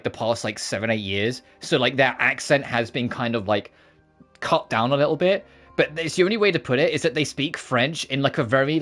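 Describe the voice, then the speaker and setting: A man's voice: mid-range voice, fairly bright tone. A man from the UK streaming a video game, commenting casually in a rambling, sweary way. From United Kingdom. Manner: rambling, sweary and quick to laugh.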